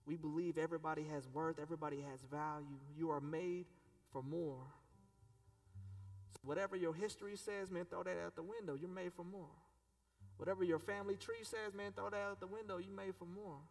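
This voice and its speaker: A man's voice: high voice, fairly even intonation, brisk, far from the mic. Casual preaching man in an echoey hall. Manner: conversational preaching with rhetorical questions and casual slang. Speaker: pastor. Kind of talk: sermon.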